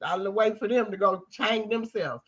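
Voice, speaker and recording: A woman's voice: mid-range voice, normal speed, husky. A woman from Colorado hosting a livestream, talking in a heated, emphatic, repetitive way like a preacher. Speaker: livestream host.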